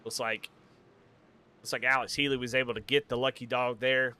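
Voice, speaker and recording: A man calling a sim race live, excitable and given to repeating the same questions. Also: medium pitch, moderate pace, smooth. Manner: excitable, repeats questions, builds to shouting at the finish. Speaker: sim racing commentator.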